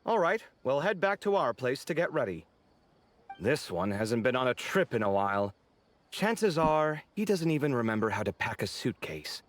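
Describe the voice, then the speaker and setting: A proud, fussy young architect in a game speaks with a mid-range voice that rises and falls a great deal. A man plays him. He leans into exasperated, sarcastic remarks with expressive emphasis. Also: mid-range voice, normal speed, natural voice. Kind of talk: game voice acting.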